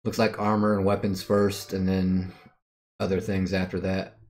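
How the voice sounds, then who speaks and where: A man's voice: deep voice, monotone, normal speed, darkish tone, slight background noise. A man streaming a game, thinking aloud and muttering as he works out its menus and skills. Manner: thinks aloud while puzzling over the game. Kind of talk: casual let's-play commentary.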